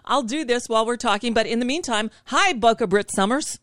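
A woman's voice: fairly high pitch, a little fast, fairly bright tone, no echo, clean studio sound. A woman hosting a talk show over a video call, chatty and digressive, laughing as she goes. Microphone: video call setup.

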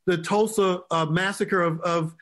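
High-pitched guy in his 50s making his point, earnest and emphatic. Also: fairly even intonation, a little slow, fairly bright tone. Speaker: guest, state representative. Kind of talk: discussion on a talk show.

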